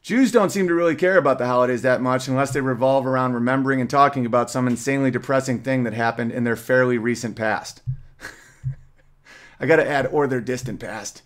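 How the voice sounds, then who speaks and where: A man's voice: medium pitch, brisk, fairly bright tone. A man reads his own memoir aloud on his podcast. His voice sits in an ordinary middle register. He tells the story plainly and now and then adds wry side remarks. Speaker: podcast host.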